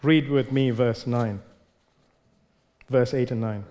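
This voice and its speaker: A man's voice: mid-range voice, fairly even intonation, slow pace, warm tone. A man preaching a sermon, emphatic, repeating words for stress as he leads a congregation through a passage. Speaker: pastor. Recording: long reverb of a large hall.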